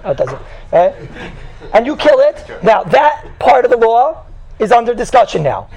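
High, gravelly rabbi teaching a class. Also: male voice, big pitch swings, normal speed, darkish tone, poor audio. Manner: conversational, teasing, keeps asking "right?"; tells stories, mixes in Hebrew and Yiddish terms. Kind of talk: Torah class lecture to a live group.

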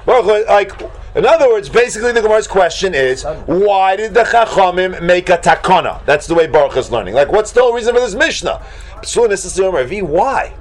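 A man teaching a Talmud class to students, animated, acting out shocked exclamations and talking casually with many fillers. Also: high voice, brisk.

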